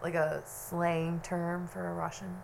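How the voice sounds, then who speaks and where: A woman's voice: lowish voice, completely flat delivery, slow pace, vocal fry. A tipsy woman co-hosting a podcast, bubbly and teasing in casual chat. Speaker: podcast co-host.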